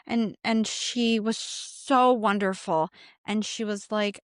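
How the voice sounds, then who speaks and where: A woman's voice: mid-range voice, steady tone, takes it slowly, dry recording, studio quality. A young woman co-hosting a podcast, chatty and candid, telling a personal story with many "like" fillers and acted-out bits of past dialogue. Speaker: podcast co-host.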